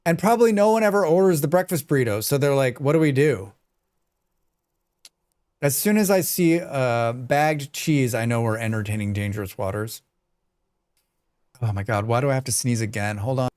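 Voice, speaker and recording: Brisk and clean-toned, his medium-pitched voice carries a slightly dark color. While playing a game on stream, he chats loosely and responds to viewer messages as they come in, sneezing again and again.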